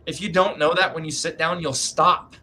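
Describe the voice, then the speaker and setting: A man's voice: on the high side, fairly even intonation, a little fast, sharp tone, a little hiss or hum. A man giving writing advice in a casual group video chat, emphatic and folksy, often tagging lines with "man", speaking from his home writing room.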